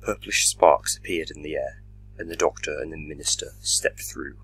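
A man narrating a fan fiction audio drama in a dramatic, measured reading. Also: very deep voice, steady tone, vocal fry, fairly bright tone, slightly rough, soft background music, low-quality recording. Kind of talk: scripted story narration.

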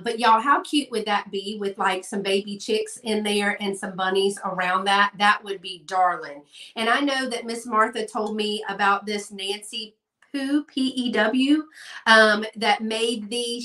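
A woman's voice: medium pitch, bright, forceful tone, recorded from a distance. A middle-aged woman, hosting a live sale in a chatty style and addressing viewers by name. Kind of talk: live-stream sales chat. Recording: echoey room, voice off-mic.

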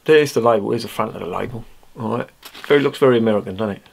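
A man's voice: fairly low pitch, fast talker, creaky, slightly rough. A man reviewing a beer in a casual, rambling way, swearing freely and poking fun at himself. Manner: blunt, swears freely, chatty and self-mocking. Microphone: his original microphone, not a clip-on.

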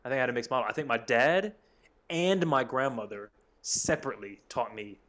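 A man's voice: medium pitch, a little fast, fairly bright tone. A man chatting casually as a podcast guest, rambling and self-deprecating, with frequent swearing. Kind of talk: casual chat.

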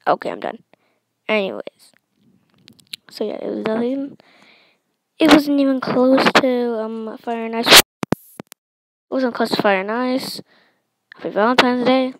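A woman's voice: on the high side, unhurried, long pauses, very noisy. A teenage girl reading her own story aloud and chatting afterward in a rambling way.

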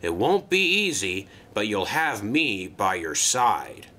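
A man voicing a wise old male engine who speaks slowly and reassuringly. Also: on the low side, very animated, pushed and bright, exaggerated voice. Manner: slow, reassuring.

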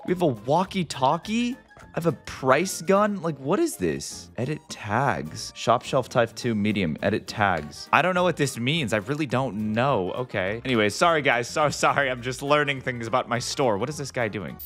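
A man hosting a gaming video, giving casual gameplay commentary with excitable, jumpy reactions and playful mock outrage. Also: medium pitch, moderate pace, soft background music.

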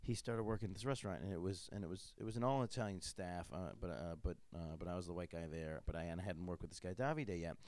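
A podcast host with a deep voice chats casually at a fast clip, hardly pausing, with no room sound. He rambles and jokes, telling stories animatedly and acting out voices.

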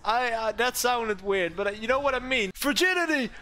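A man streaming a game, talking in a casual, excitable way, swearing often and yelping at what happens on screen. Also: very high voice, normal speed, a little hiss or hum. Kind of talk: casual gameplay commentary.

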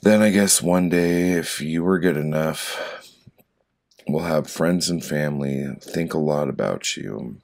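Man, poetry audiobook reading, gravelly fry in the voice, dry deadpan delivery. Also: rumbling low, measured pace. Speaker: poet reading his own work.

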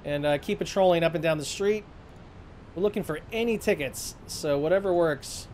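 A man's voice: fairly high pitch, normal speed, darkish tone, a little hiss or hum. A man playing a video game, reading its dialogue aloud and chatting casually between scenes. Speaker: let's play gamer.

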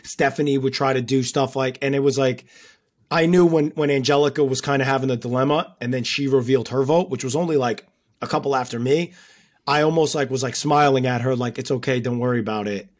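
A man's voice: mid-range voice, fairly even intonation, brisk. A man co-hosting a podcast, recounting an emotional experience in casual chat, with frequent fillers. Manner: emotional storytelling, many fillers like "like". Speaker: podcast co-host and former contestant.

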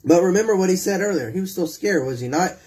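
Male preacher with a fairly high voice, reads scripture aloud, puts questions to the congregation, voices pleading prayers. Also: expressive, fast talker, darkish tone. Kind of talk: sermon.

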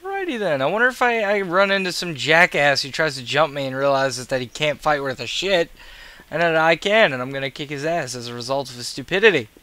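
A man's voice: a little high, lively intonation, fairly quick, sharp tone, no echo. Tired, grumbling gamer man. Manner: profane, grumbling, sarcastic. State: tired and yawning. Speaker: gaming video creator. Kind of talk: casual gameplay commentary.

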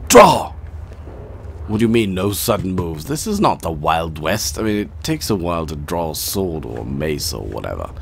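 A man's voice: deep voice, big pitch swings, a little fast, gravelly, few pauses, a little hiss or hum. A man giving casual, wry, sarcastic commentary while playing a video game. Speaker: gaming commentator.

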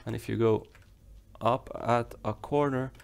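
A man's voice: mid-range voice, fairly even intonation, a little slow, vocal fry, clean tone. A young man giving rambling let's play commentary as he plays, talking to himself and swearing when things go wrong. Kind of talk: game commentary.

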